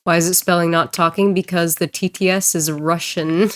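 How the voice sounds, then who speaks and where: A woman streamer and voice actor chatting casually while she plays, rambling and joking and quick to laugh. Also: fairly low pitch, steady tone, no room sound. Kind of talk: casual livestream chat while gaming.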